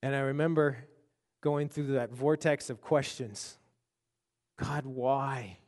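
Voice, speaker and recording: A man preaching a sermon and telling a personal story, halting and repeating words as his intensity builds. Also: medium pitch, fairly even intonation, a little mellow, in a large hall. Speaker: pastor.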